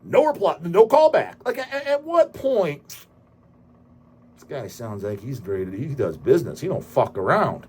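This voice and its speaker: A man hosting his own channel, delivering a brash, profane rant full of emphatic swearing and sudden loud bursts. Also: a little high, very animated, normal speed, slight background noise. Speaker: channel host. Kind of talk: profane ranting monologue.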